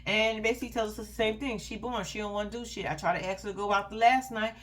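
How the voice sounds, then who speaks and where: A woman's voice: mid-range voice, fairly even intonation, fast. A woman giving casual commentary on a reality show, blunt, heated and full of profanity, and talking straight to her viewers. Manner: addresses viewers directly as "y'all".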